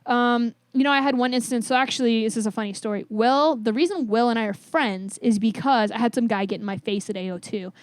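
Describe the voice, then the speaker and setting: A woman weightlifting coach, a podcast guest, telling stories in a casual, animated way and swearing now and then. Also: a little high, brisk, few pauses, no echo. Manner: animated, acts out both sides of remembered conversations, swears casually. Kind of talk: casual interview storytelling.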